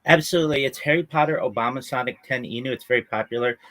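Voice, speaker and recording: A man's voice: quick pace, fairly bright tone. A man eagerly describing his round-the-clock livestream project in a casual voice chat. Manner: earnest, eager self-promoting pitch. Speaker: livestreamer guest.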